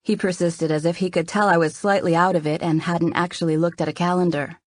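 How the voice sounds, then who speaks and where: A woman's voice: on the low side, steady tone, brisk. A woman narrating a romance audiobook in the first person, with a light storytelling delivery.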